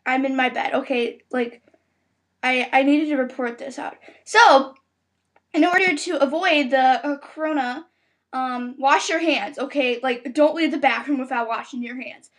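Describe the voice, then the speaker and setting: A woman's voice: sits high, unhurried, fairly bright tone. A woman recording a casual podcast from her bed, reading the news aloud in a panicky, dramatic way with frequent exclamations.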